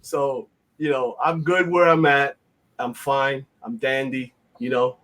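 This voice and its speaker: A man's voice: mid-range voice, steady tone, slow pace, fairly bright tone. A man, hosting a casual podcast chat in a blunt, rambling, profane way with lots of fillers. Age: 50s. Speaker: podcast host.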